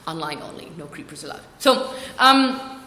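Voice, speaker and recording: A young woman rambling through a funny work story, self-mocking and jumping into squeaky voices for quotes. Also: expressive, normal speed, sharp tone. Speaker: vlogger. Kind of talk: casual storytelling vlog. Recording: echoey room with long reverb.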